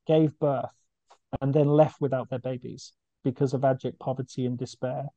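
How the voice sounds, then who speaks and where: A man's voice: medium pitch, level tone, normal speed, dark tone, no echo, dull audio. A man, a charity founder, telling his story earnestly and with feeling in a podcast interview, often restarting his sentences. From United Kingdom.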